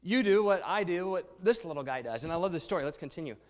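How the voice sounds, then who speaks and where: A male pastor with a high-set voice gives a youth sermon, chatty and lively and asking his listeners questions. His voice rings out with a long hall reverb behind it. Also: fast. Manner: lively, conversational, asks the audience questions. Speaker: pastor speaking to a youth congregation. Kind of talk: sermon with a read-aloud story.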